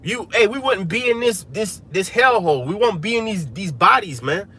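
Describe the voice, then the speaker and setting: A man's voice: high-pitched, expressive, moderate pace, pushed and bright, slight background noise. A man hosting a livestream, preaching in a casual, emphatic way and filling his lines with "man" and "hey". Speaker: livestream host preaching to viewers. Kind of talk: casual religious street-preaching talk. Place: inside a vehicle.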